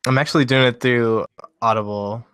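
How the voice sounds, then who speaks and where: A man with a mid-pitched voice co-hosts a podcast in easygoing chat. He is laid-back and self-deprecating and laughs often, and the recording is dry and close. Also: fairly even intonation, moderate pace, fairly bright tone, clean tone, dry recording. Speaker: podcast co-host. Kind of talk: casual chat.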